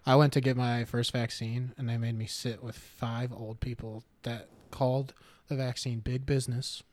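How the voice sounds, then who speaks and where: A man on a casual comedy podcast who tells rambling stories and throws in deadpan absurd jokes. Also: medium pitch, moderate pace, dry recording.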